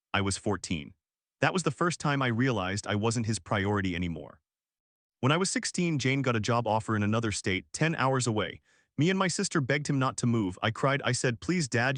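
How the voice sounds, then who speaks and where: A man reading a first-person story aloud in a calm, slow, even scripted narration meant for listeners falling asleep. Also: medium pitch, no room sound, studio quality.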